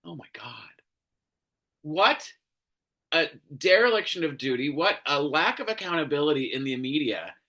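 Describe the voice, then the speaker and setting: Profane ranting male commentator, bright voice. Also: a little high, big pitch swings, normal speed. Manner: angry, profane, exasperated. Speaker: commentary show host.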